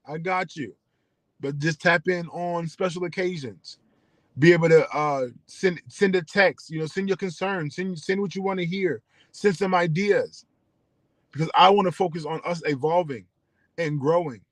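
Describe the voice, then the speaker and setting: Earnest high-voiced man rallying listeners. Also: moderate pace, dry recording, rough recording. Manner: earnest, preacher-like repetition. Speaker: internet radio station host. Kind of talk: passionate community address.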